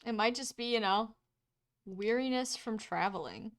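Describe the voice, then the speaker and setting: A woman's voice: on the high side, moderate pace. A woman running a tabletop game as game master, chatty and full of fillers. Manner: chatty, laughs easily, filler-heavy.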